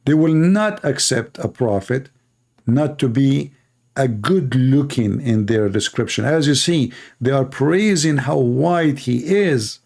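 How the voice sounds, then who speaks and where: Brief: male stream host, dark gravelly voice, mocking and combative. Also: mid-range voice, lively intonation, slow. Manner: sarcastic, taunting, breaks into parody singing. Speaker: live stream host debating Muslim callers. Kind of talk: casual mocking debate talk.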